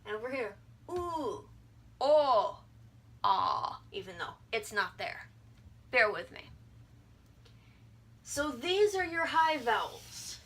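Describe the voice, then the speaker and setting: A woman's voice: a little high, sing-song, a little slow, pauses often, a bit bright, breathy edge. Breezy young woman teaching pronunciation. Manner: breezy and irreverent, sounding out vowels and words as examples. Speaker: language teacher. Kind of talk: casual video lesson.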